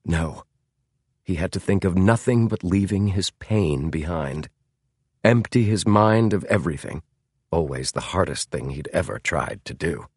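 A male audiobook narrator with a low voice telling the story in a measured, dramatic way. His delivery moves widely in pitch. The recording is dry and close. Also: animated, husky, dry recording. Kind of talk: scripted narration.

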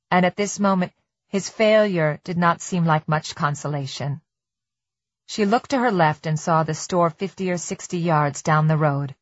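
Low-voiced woman narrating an audiobook. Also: steady tone, dry recording. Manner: measured, tense storytelling. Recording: slightly dull dry studio recording.

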